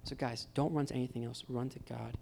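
Gravelly man preaching a casual sermon. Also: medium pitch, fairly even intonation, quick pace, warm tone, slight background noise. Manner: informal and encouraging, addresses listeners as guys. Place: church gathering with live guitar. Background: faint guitar.

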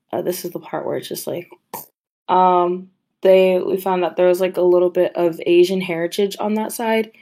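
A woman's voice: lowish voice, darkish tone. Hesitant woman co-hosting a podcast. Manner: hesitant, trails off with fillers. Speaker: podcast co-host. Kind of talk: casual group podcast chat.

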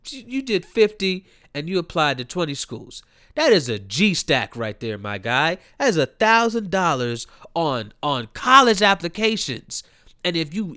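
A man's voice: on the high side, pushed and bright, no room sound, studio quality. A young adult man giving a profane, ranting commentary, heated and mocking, with emphatic repeated phrases. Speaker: commentary host.

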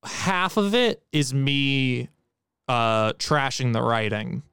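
A man's voice: medium pitch, lively intonation, slow, fairly bright tone, clear, resonant tone, no echo, clean studio sound. A man co-hosting a podcast, giving a blunt, profane, emphatic movie critique in casual chat. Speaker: podcast co-host.

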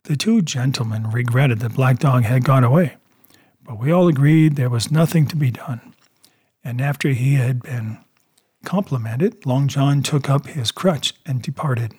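A man narrates an audiobook in a steady, measured storytelling manner. His voice is husky and breathy, at a middle pitch. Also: no echo. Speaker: reader.

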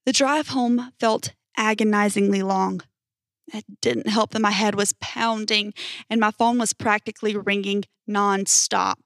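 A young woman hosting a podcast, narrating a first-person horror story in an even storytelling voice. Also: mid-range voice, measured pace, dry recording, clean studio sound. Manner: even storytelling, hesitant um in sign-off.

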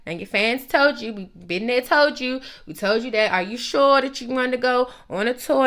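Young woman, sassy gossip rant, swears a lot, bright edgy tone, slightly high pitch. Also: normal speed, hardly any pauses. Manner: blunt, sassy, swears constantly. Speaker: gossip commentator. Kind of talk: profane celebrity gossip rant.

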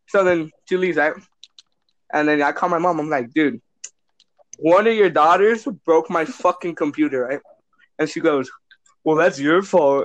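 A young man rattles off a profane, animated story to his friends, acting out everyone's lines as he goes. His voice sits a little high for a man. The sound is dry, with no room echo. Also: moderate pace. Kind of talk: casual chat.

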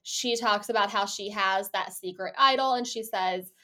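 A woman's voice: medium pitch, normal speed, pushed and bright. A woman co-hosting a podcast, chatting casually and animatedly, often laughing and swearing offhand. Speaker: podcast co-host. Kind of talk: casual chat recapping a reality show.

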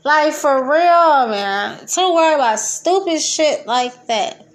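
Here a Detroit woman with a high, loud voice talks at a slow pace, cursing and laughing while she hosts a podcast. Her casual monologue wanders, her energy rising to loud excitement and dropping to mumbles.

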